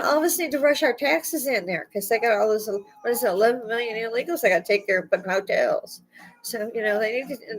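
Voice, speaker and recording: A woman's voice: on the low side, low-quality recording. An older woman hosting her own podcast, chatting in a rambling, blunt way and laughing often. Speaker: podcast host. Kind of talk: rambling casual monologue.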